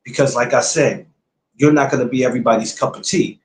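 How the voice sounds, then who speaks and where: A man hosts his podcast as a casual livestream, talking bluntly to viewers and repeating his points like a lecture. His medium-pitched voice is a little fast, with roomy sound and slight hiss or hum.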